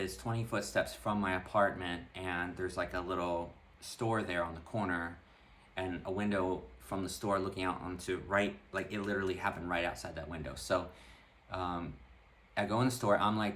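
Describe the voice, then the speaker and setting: A man with a low voice speaks in a casual vlog. He recounts a personal story to his viewers in an animated, conversational way and often restarts his sentences along the way. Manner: animated retelling, full of "like" and restarts. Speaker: vlogger.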